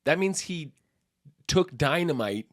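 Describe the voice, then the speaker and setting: A man's voice: fairly high pitch, expressive, slow pace, no room sound, studio quality. Laid-back profane podcast guy. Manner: profane, laughing, loose banter. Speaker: podcast co-host. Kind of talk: casual chat reacting to videos.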